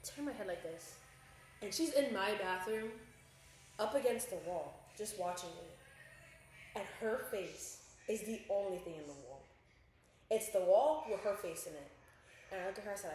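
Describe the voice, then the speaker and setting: A woman's voice: mid-range voice, normal speed, pauses often, darkish tone, slight background noise. Profane young woman storyteller in an echoey room. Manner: profane, vivid storyteller who acts out her own quotes. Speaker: podcast co-host. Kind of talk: casual storytelling chat.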